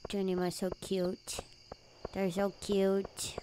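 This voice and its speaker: A woman's voice: mid-range voice, completely flat delivery, slow, mellow, a little hiss or hum. A woman livestreaming a farming game, chatting casually with her viewers and gushing over cute characters. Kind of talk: casual gameplay commentary. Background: game music.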